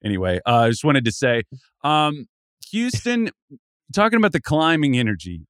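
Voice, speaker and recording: A man's voice: mid-range voice, very animated, normal speed, fairly bright tone, clear, resonant tone, no room sound, clean studio sound. A man co-hosting a casual sports podcast, rambling through his thoughts with frequent restarts. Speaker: podcast co-host.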